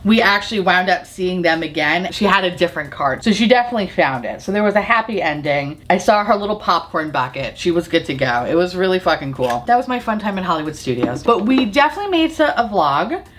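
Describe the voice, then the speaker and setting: A young adult woman vlogger telling a profane, animated storytime while doing her makeup. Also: on the low side, fast, few pauses. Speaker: beauty vlogger. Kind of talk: get-ready-with-me storytime.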